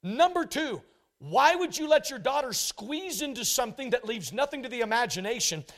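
A man with a high-pitched voice delivers a sermon to his congregation. He is emphatic, repeats his key phrases for effect and slips into mock voices to act out examples. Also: sing-song, moderate pace, fairly bright tone. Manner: emphatic preaching, repeats phrases, mimics couples in quotes. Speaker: pastor.

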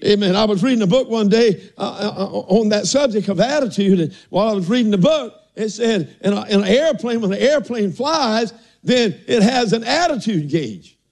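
A man's voice: high voice, expressive, normal speed, hardly any pauses, darkish tone. An older man preaching a folksy sermon, often asking "are y'all listening" and saying amen.

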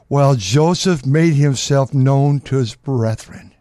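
A male preacher reads scripture aloud and stops to press its meaning on his listeners with fervor, repeating words as he builds. His voice sits high for a man. The sound is dry and close, with no room echo. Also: slow pace, few pauses, mellow. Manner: fervent, repeats words for emphasis. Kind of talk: sermon, reading scripture with commentary.

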